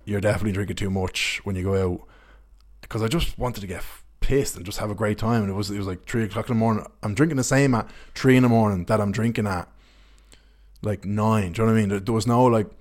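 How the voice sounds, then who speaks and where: Young bloke, lowish voice, swears freely, rambles through his stories. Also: fast, darkish tone. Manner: candid, sweary, rambling anecdotes. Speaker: podcast host. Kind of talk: casual storytelling chat.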